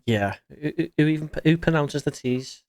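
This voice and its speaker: A man with an English accent chats loosely while streaming a game, reading out viewers' comments and answering them between moves. His voice sits a touch higher than most men's. The talk is relaxed and rambling, close to the mic. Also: moderate pace. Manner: chatty, reads out and answers viewer chat while playing. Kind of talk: casual live-stream chat.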